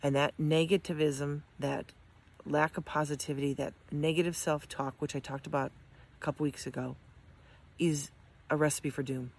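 Speaking at normal speed in a low, husky, somewhat mellow voice with flat delivery, a middle-aged amputee shares her experience. Her motivational talk is heartfelt, earnest, and encouraging, punctuated by many ums and restarts.

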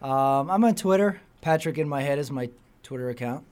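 A man's voice: mid-range voice, lively intonation, moderate pace, darkish tone, clear, resonant tone. A man co-hosting a comedy podcast, riffing and joking on the others' lines. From Texas or the American South. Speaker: comedian co-host. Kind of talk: casual podcast chat.

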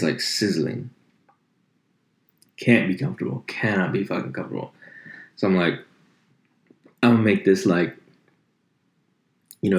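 A man's voice: low voice, darkish tone. A man in his thirties rambling in casual chat as a podcast host, profane and self-mocking. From United States. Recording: echoey room.

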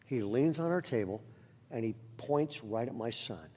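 A man's voice: mid-range voice, lively intonation, moderate pace, dark tone, husky. A man preaching a sermon to a church congregation, telling a story and acting out the voices of its characters. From Northern California. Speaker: guest pastor. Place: large church auditorium. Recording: church hall reverb.

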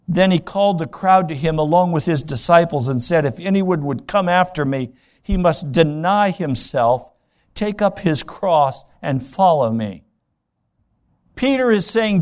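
A man's voice: on the high side, darkish tone. A man preaching a sermon as a pastor, retelling scripture scenes and acting out the dialogue, then pressing the congregation with pointed rhetorical questions.

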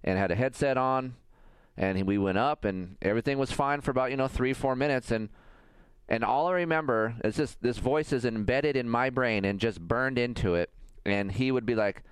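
A man's voice: mid-range voice, normal speed, clear, resonant tone, no echo. A man telling a funny, profane story about himself, full of exasperation and laughter. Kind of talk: animated storytelling in a played clip.

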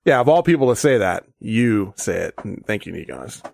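A man's voice: on the low side, sing-song, moderate pace, vocal fry, darkish tone. A man hosting a podcast in casual chat, playful and teasing, swearing freely. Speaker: podcast host.

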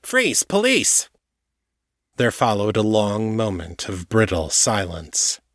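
In a close, dry recording without room sound or echo, a man with a low voice narrates an audiobook chapter, keeping his scripted reading steady and measured.

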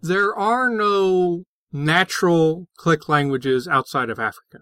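Slow bright-voiced man hosting a podcast. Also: on the high side, clean tone, dry recording. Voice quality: hesitant, many fillers and restarts. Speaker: podcast co-host. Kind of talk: casual discussion of linguistics.

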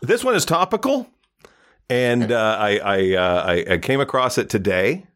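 A man's voice: medium pitch, very animated, normal speed, fairly bright tone. A man hosting a podcast, telling jokes in a casual, rambling way with frequent restarts. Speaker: podcast host.

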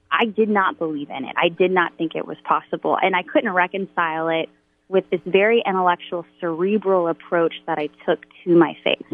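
Woman on a phone call telling her testimony, honest, laughs when nervous, thin tinny sound. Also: medium pitch. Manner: candid storytelling, nervous laughter. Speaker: Catholic worship musician, guest. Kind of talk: personal testimony in a radio interview.

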